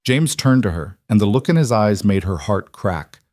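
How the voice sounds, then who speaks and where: Low-voiced male story narrator. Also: moderate pace, no echo, clean studio sound. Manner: even, steady storytelling.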